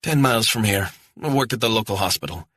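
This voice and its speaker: A man's voice: lowish voice, animated, fast, a bit bright, voice pushed up. A man voicing a young, educated Scottish woman who is stranded and apologetic, speaking in a pleading, earnest way. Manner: pleading, rising urgency, apologetic.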